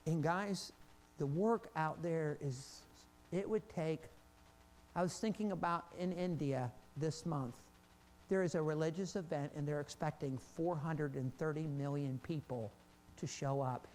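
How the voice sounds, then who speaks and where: A man preaching a sermon to a congregation, animated, often restarting his sentences, swinging from loud stretches to quiet ones. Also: on the high side, unhurried, a little hiss or hum.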